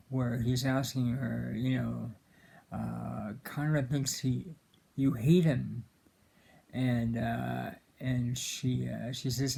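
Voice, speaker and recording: Slow, gravelly man musing on a film. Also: medium pitch, darkish tone. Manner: halting, many fillers and restarts; earnest and emotional about the film. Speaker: film commentator. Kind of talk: casual film commentary.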